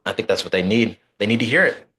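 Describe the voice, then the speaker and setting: A man's voice: fairly low pitch, lively intonation, quick pace, bright, forceful tone. A man co-hosting a casual political talk show, ranting angrily and swearing freely. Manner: angry, profane ranting. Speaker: podcast co-host.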